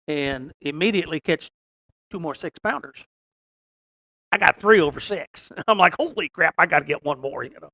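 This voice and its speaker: A man's voice: fairly high pitch, bright, forceful tone, no echo. Folksy rambling man, dry close sound. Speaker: podcast guest telling a story. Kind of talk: casual storytelling.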